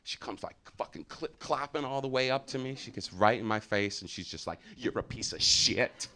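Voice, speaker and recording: American man, stand-up comic, loud, swearing, bright tone, very lively pitch. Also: brisk. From United States. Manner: loud, profane, lots of filler uhs. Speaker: stand-up comedian. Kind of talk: live stand-up comedy. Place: comedy theater stage.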